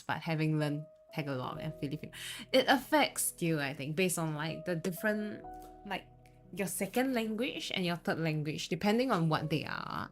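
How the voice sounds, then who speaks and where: A young woman from Singapore with a Singaporean English accent, chatting casually with viewers on a live stream, laughing often and switching between English, Mandarin and Japanese. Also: deep voice. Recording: faint background music.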